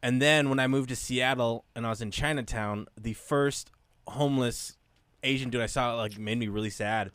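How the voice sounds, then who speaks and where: Male comedian, from the US, mid-pitched voice, dry close sound, relaxed anecdotes. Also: moderate pace, clean tone, dry recording. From United States. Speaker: guest comedian. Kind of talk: casual interview chat.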